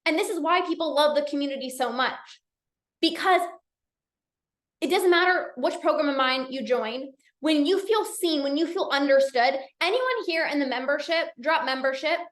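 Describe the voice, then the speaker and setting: A woman coach talking casually in a live session, energetic and chatty with many restarts. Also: high-pitched, normal speed, echoey room. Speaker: binge eating coach hosting a live session. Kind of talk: casual live-stream talk.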